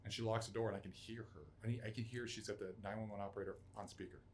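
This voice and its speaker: A man's voice: on the low side, fairly even intonation, racing, slight background noise. Profane man telling a raw story. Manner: raw, profane, acts out quotes in loud outbursts. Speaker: podcast guest, Army veteran. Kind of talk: emotional storytelling interview.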